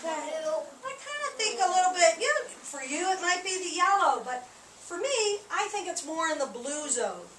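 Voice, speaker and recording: A high, bright-voiced woman teaching a class of small children, acting out each feeling with big swings in her voice. She is caught from far off in a roomy, echoing hall. A faint hum sits behind her. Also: big pitch swings, moderate pace. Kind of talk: classroom lesson to young children. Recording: echoey room recorded from a distance.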